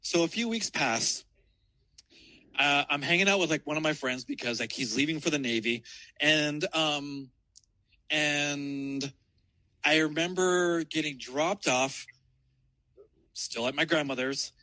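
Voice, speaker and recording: A man's voice: a little high, measured pace, long pauses, bright, forceful tone, dry recording, low-quality recording. A man telling a rambling story in casual chat, swearing heavily and restarting his sentences.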